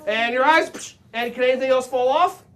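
A man teaching a children's karate and yoga class, playful and animated as he jokes with the kids. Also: very high-pitched, moderate pace. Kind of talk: leading a kids' exercise class.

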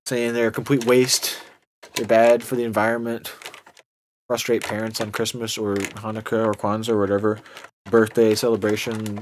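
Young man, unboxing host, jokey sarcastic commentary, mid pitch, faint hum behind.

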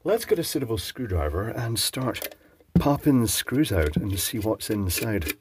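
A man's voice: on the low side, sing-song, measured pace, breathy edge. A man presenting an electronics teardown, musing and chatting as he thinks aloud while working. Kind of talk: casual talk-through while taking apart a device.

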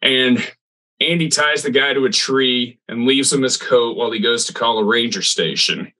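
Bright-voiced man recapping an episode. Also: medium pitch, rough recording. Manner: rambling, halting recaps with restarts. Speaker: podcast co-host. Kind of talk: casual chat recapping a TV episode.

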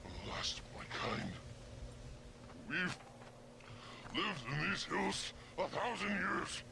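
A man's voice: sits high, animated, slow pace, background noise, exaggerated voice. A man voicing a weary male sasquatch, the last of his kind, mournful and pleading for death. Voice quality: gravelly, creaky voice. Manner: mournful, pleading, sometimes whispered.

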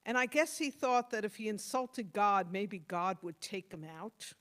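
A woman pastor giving a sermon, earnest and motherly, stressing points hard and then dropping to soft tones. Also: mid-range voice, animated, a little slow. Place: church.

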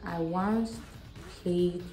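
A young woman from Ghana, answering questions in a casual vlog with a frank, animated, self-mocking manner. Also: on the low side, drawn-out words, very noisy. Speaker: vlogger. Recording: echoey room with faint music.

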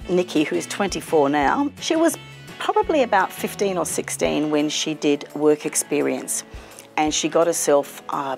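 A middle-aged woman, a community radio presenter telling stories in a warm, chatty, lively interview manner. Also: low-pitched, gravelly. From Australia. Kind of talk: casual interview storytelling.

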